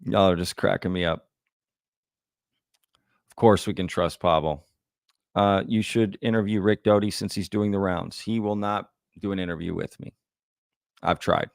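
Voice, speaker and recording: Man with a gravelly low voice. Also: dry recording, clean studio sound. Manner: laughs often, reads chat comments aloud. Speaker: livestream host. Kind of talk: live Q&A reading chat comments.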